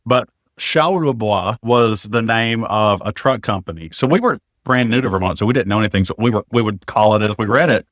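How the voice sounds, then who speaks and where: A man's voice: mid-range voice, a bit bright, dry recording, clean studio sound. A man with an Eastern Kentucky accent, a podcast guest in casual chat, telling stories and acting out the voices of people he quotes.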